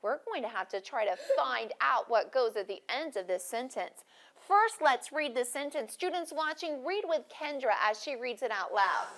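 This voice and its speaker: A woman teaching a first grade class, speaking clearly and encouragingly to students watching on video. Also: a little high, lively intonation, a bit bright. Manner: clear, encouraging, deliberately paced teacher talk.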